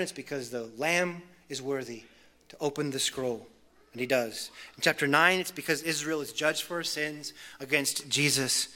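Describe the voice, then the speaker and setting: A man with a bright, forceful voice, pitched a touch above the usual, preaches a sermon. He is earnest, climbing in intensity through lists before easing down soft. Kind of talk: expository sermon.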